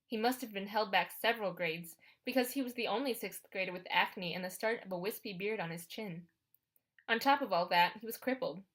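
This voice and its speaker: A woman's voice: medium pitch, a little fast, fairly bright tone. A woman narrating an audiobook in the first person, in a wry, conversational storytelling manner.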